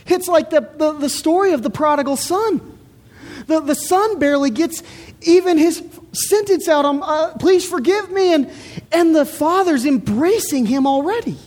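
A woman's voice: high-pitched, moderate pace, darkish tone. A woman preaching a sermon in an earnest, emphatic way, repeating words as she builds her point. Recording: reverberant hall.

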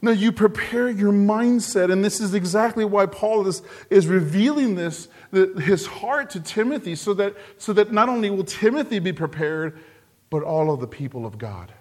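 A man preaching a sermon earnestly, repeating phrases for emphasis and dropping low and soft on key words. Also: expressive, moderate pace.

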